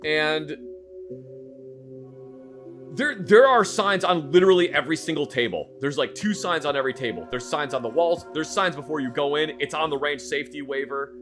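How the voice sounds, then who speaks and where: A fairly high-voiced man chats on a live stream, casual and animated. He acts out a story, swears freely and trips over his words. Faint game music plays beneath him. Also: moderate pace.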